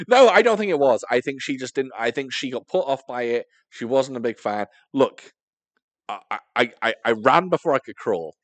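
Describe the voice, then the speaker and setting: A man's voice: medium pitch, expressive, moderate pace, dry recording. A young man co-hosting a podcast, telling a story in a casual, self-mocking way, laughing often and swearing freely. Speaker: podcast co-host.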